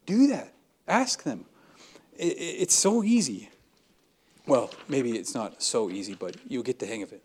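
A man's voice: medium pitch, big pitch swings, normal speed, darkish tone. A young adult man giving an earnest, conversational sermon, acting out everyday dialogue as he speaks. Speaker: preacher.

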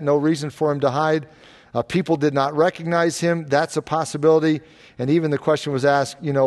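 Earnest pastor answering Bible questions. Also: male voice, a little high, darkish tone. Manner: earnest, explanatory, rhetorical questions. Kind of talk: sermon-style Q&A.

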